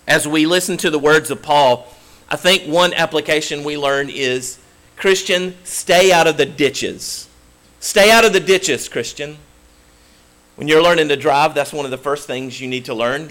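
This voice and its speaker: A man preaching a sermon as pastor, emphatic and swinging from loud declarations to hushed tones. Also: mid-range voice.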